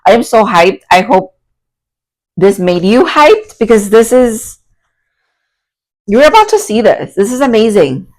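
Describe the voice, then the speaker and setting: A young woman giving a tarot card reading to her viewers, excitable and prone to loud outbursts and laughter. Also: fairly high pitch, unhurried, pauses often, poor audio. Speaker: tarot reader.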